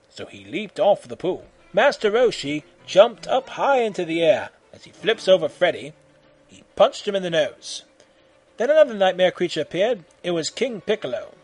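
A man reading a fan fiction story aloud in an animated way, acting out the shouted voices. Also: sits high, slightly rough.

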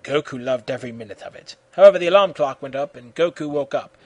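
A man reading a fan fiction story aloud in an animated way, acting out the shouted voices. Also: medium pitch, fast, no echo.

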